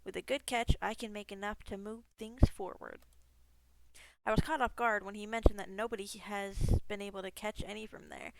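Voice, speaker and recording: A woman's voice: medium pitch, fairly even intonation, normal speed, vocal fry, very noisy. A woman gaming streamer reading a text game aloud, breaking off into casual asides, swearing freely and laughing at herself.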